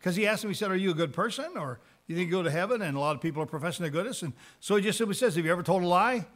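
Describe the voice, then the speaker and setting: A man with a high-pitched voice leads a Bible lesson on evangelism. He reads scripture aloud in a slow, deliberate way and then explains it in plain everyday words, repeating key words for emphasis. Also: expressive, a bit bright. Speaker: Bible teacher.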